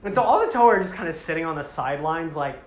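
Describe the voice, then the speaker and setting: A woman giving a rambling, animated casual talk to a live audience, often slipping into character voices. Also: deep voice, fast, echoey room. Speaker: presenter.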